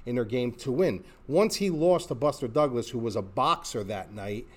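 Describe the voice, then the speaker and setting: A man's voice: medium pitch, lively intonation, moderate pace. A man with an ordinary mid-range voice talks through a fight in a loose, casual way. He rambles and restarts his sentences often, like an analyst thinking aloud. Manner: conversational, rambling with many restarts. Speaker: combat sports analyst. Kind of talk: casual commentary.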